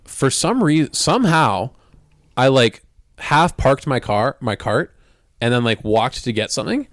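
A man's voice: medium pitch, lively intonation, a little slow, no room sound, clean studio sound. Laid-back young man, swearing storyteller. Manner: swears freely, tells stories laughing. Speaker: podcast co-host. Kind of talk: casual chat.

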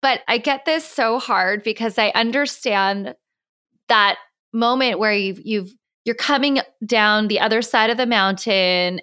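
A woman hosts a conversational interview, her voice sitting a little high. She affirms her guest and repeats back their points as she talks. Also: bright, forceful tone, clean tone. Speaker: podcast host.

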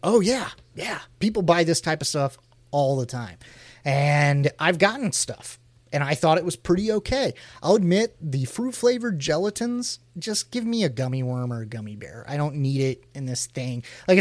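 A man co-hosting a casual chat, laughing often and telling stories with animated energy. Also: a little high, normal speed, no room sound. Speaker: podcast co-host.

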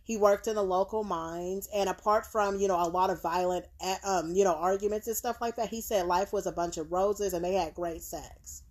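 A woman of ordinary pitch retells a crime case for a podcast. She talks loosely, with restarts and fillers, and keeps affirming her co-host with easy yeahs. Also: moderate pace, hardly any pauses. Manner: relaxed storytelling with frequent fillers and agreeing yeahs. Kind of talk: casual podcast chat.

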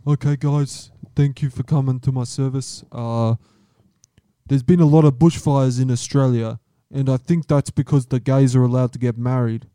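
A man putting on a slow, solemn preacher voice for a comedy bit. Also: medium pitch, fairly even intonation, mellow, clean tone, dry recording, clean studio sound, natural voice. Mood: mock-solemn. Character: man putting on a preacher blaming bushfires on gay marriage.

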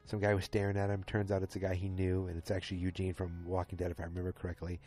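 A man's voice: sits low, monotone, very fast, darkish tone. A tired man casually recapping a TV episode, rambling and often stopping to correct himself. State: tired and yawning late at night. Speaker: podcast host recapping a TV episode.

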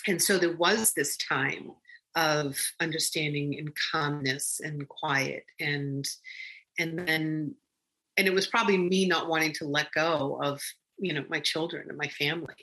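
Woman, lowish bright voice, casual personal storyteller, earnest, rambling with fillers. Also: fairly even intonation, unhurried. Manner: rambling, with frequent ums and restarts. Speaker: storyteller recounting a personal experience.

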